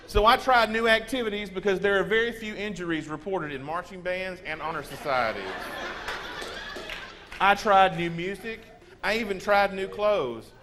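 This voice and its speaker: A man in his forties tells comic stories in a Texan drawl. His slightly high voice stays lively and self-mocking. A faint hiss sits under the speech. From Texas. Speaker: humorous speaker.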